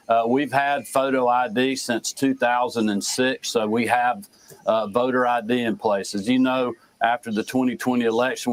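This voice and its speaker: A middle-aged man with a drawl answers a TV interviewer, pitched in an ordinary male range. He speaks deliberately, building his talking points step by step with frequent pauses. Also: low-quality recording. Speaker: governor being interviewed.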